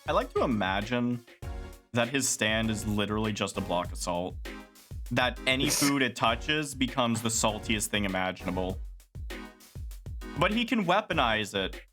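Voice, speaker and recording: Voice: medium pitch, animated, normal speed, a bit bright, faint music behind. A co-host of a game stream who teases his friend and invents jokes about the characters. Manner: teasing, dry. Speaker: streamer co-host reading along. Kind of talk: casual let's-play chat.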